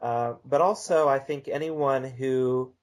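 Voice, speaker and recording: Man, podcast guest, measured delivery, middle pitch. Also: fairly even intonation. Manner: measured, reads a text aloud slowly. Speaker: interview guest. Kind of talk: conversational podcast interview.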